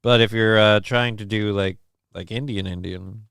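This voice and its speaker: A man hosting a live stream, reading viewer messages aloud in a rambling, deadpan way with lots of fillers. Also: on the low side, normal speed, creaky, clear, resonant tone, dry recording, studio quality. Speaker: live-stream show host.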